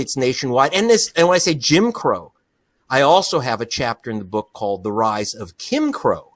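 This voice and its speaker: Fired-up middle-aged guy in an interview, voice swings high and low a lot, dry close sound. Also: dry recording. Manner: passionate, indignant, laughs often. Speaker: investigative journalist, guest. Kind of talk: animated interview talk.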